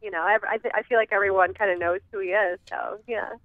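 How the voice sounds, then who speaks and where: A woman's voice: mid-range voice, fairly even intonation, fast talker, no room sound. A woman from the American Midwest, a guest chatting casually in an interview, talking in a giggly, chatty way with trailing fillers. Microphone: phone. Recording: tinny phone line.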